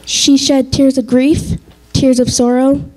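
A woman's voice: high voice, flat delivery, slow, a little mellow, poor audio. A woman co-reading scripture at a church service, earnest and reflective.

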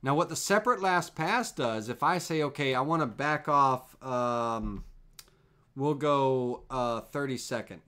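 A man teaching CNC toolpaths on a live stream, explaining in a relaxed, repetitive way with fillers as he works the software. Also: medium pitch, unhurried, smooth. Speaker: CNC woodworking instructor.

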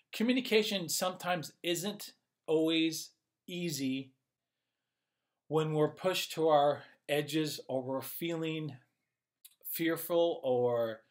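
A man as a communication coach, explaining in an upbeat, conversational way and thinking aloud as he goes. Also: on the high side. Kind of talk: casual instructional video.

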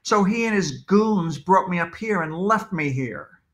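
A man's voice: high voice, expressive, measured pace, fairly bright tone. A man voicing a rattled ice cream truck driver who talks in a shaken, old-time tough-guy way. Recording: roomy echo.

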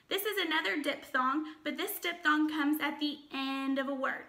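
With a high, sharp-toned voice, a woman gives a children's phonics lesson, staying upbeat and encouraging as she sounds out words slowly and clearly.

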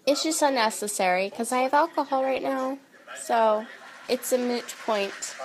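A woman's voice: sits high, normal speed, faint music behind. A young woman with a stuffy, nasal voice, tipsy and rambling goofily in a casual vlog filmed on her phone at home. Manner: goofy, rambling and chatty. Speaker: makeup artist. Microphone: phone camera.

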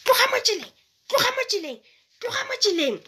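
A woman playing an angry, shouting man. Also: extremely high pitch, big pitch swings, normal speed, voice pushed up, exaggerated voice. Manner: shouting, scolding.

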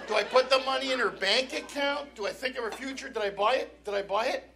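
A man's voice: very high-pitched, expressive, fast talker, gravelly. A male stand-up comedian ranting in an exasperated, profane way on a club stage, with the audience laughing behind him. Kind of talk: stand-up routine. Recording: live club crowd and room noise.

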